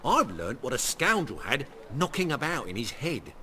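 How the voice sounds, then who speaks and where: A wry shapeshifter merchant. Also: male voice, mid-range voice, very animated, normal speed, sharp tone, slight background noise. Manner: wry, rueful and self-mocking. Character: weary middle-aged male shapeshifter posing as a ruined merchant. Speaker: game character. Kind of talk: video game voice acting.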